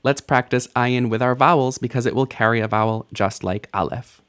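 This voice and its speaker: A man's voice: medium pitch, fairly bright tone. Patient man teaching Hebrew sounds. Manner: patient, playful teacher, spells out sounds slowly and repeats words. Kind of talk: recorded language lesson.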